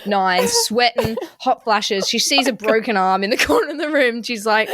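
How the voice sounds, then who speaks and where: A woman's voice: on the high side, normal speed, fairly bright tone, dry recording. A young woman hosting a podcast, chatting casually, swearing freely and acting out quotes as she tells stories. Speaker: podcast host. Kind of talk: casual chat. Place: London.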